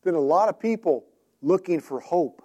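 A man's voice: fairly high pitch, expressive, normal speed, mellow, muffled recording. A man preaching a sermon in a conversational, storytelling way, often asking his listeners direct questions.

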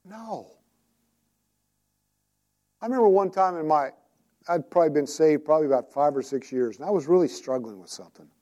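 A man's voice: on the high side, expressive, fairly quick, long pauses, warm tone, muffled recording. A man preaching a sermon in a conversational, storytelling way, often asking his listeners direct questions.

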